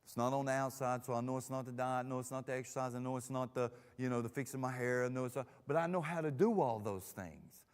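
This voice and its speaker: A man teaching a Bible study as pastor, telling the story with lively acted-out voices. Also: medium pitch, fast talker, hardly any pauses. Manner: animated storytelling, acts out characters. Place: church sanctuary. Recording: long church hall reverb.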